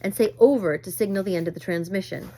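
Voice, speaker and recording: A steady male radio operator from a storybook, read out by a woman. He speaks in brisk, formal radio phrases. His tone stays procedural and controlled. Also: mid-range voice, lightly acted. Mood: businesslike. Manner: clipped radio procedure talk.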